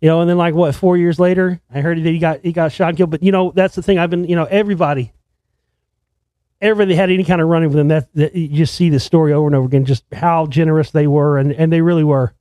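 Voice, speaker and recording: Brief: male storyteller, raised pitch, dry close sound, loose and profane, keeps restarting. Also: steady tone, quick pace, dark tone, dry recording. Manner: profane, rambling, with many restarts. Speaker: filmmaker telling a story. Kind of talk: casual storytelling.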